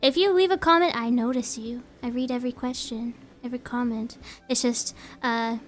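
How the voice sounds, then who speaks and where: A woman's voice: a little high, steady tone, normal speed. A young woman streamer chatting casually and reading out her chat, giggly and rambling.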